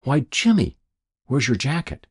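A man voicing a tired, bewildered small-town mother who speaks to her son in a fretful, then gentle way. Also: mid-range voice, very animated, a little slow, slightly rough, pitched above the performer's own voice. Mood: dismayed.

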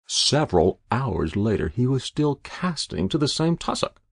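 Gravelly, lively male storyteller. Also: medium pitch, no echo, studio quality. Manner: measured, expressive storytelling. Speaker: narrator. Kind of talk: storytelling reading.

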